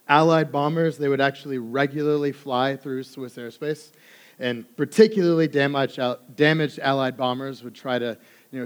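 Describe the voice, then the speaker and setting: Young guy preaching, hoarse groggy voice, chatty friendly sermon, medium pitch. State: hoarse from laryngitis. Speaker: pastoral assistant.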